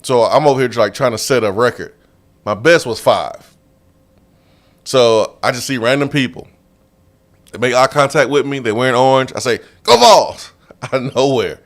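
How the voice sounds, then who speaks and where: A sports radio host tells a story in a studio, casual and animated and laughing often. His voice is medium-pitched and he talks at normal speed, pausing often.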